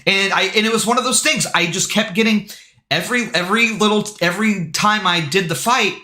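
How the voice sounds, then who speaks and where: A man streaming live, telling a story in an excitable way, full of swearing and filler words. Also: high-pitched, brisk. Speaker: game streamer. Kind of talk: casual livestream storytelling. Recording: echoey room.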